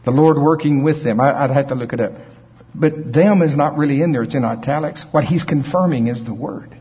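A man preaching a sermon in a folksy, animated way, acting out scripture scenes in different voices. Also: on the high side, brisk, slightly rough. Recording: dull lo-fi recording.

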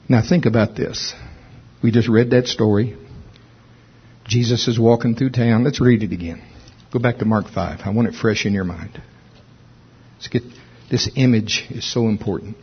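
A man preaching a sermon with emphatic delivery, rising in pitch when stirred. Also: husky, muffled recording. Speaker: pastor.

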